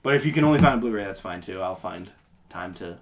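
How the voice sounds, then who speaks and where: A man's voice: low voice, animated, quick pace. A young man hosting a podcast, chatting casually in a rambling, laid-back way. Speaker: podcast host. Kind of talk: casual chat.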